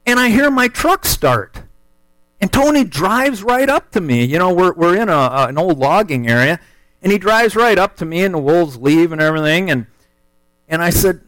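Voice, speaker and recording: A man's voice: sits high, very animated, moderate pace, a bit bright, no echo, low-quality recording. Folksy man telling a story. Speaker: speaker telling a testimony. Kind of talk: storytelling sermon.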